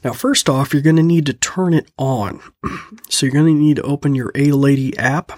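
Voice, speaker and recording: A man's voice: medium pitch, moderate pace, a little mellow, no room sound. A man hosting a tech training show, explaining steps in a folksy, chuckling way into a close studio mic. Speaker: host of a tech training program. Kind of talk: casual spoken tutorial.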